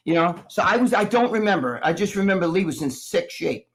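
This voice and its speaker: A man with a New Jersey accent, whose voice sits high for a man, rambles through a casual live-stream chat. He swears freely and acts out the people in his stories. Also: expressive, brisk. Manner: profane, rambling storyteller who acts out other people's voices. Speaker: co-host of a live stream talk show.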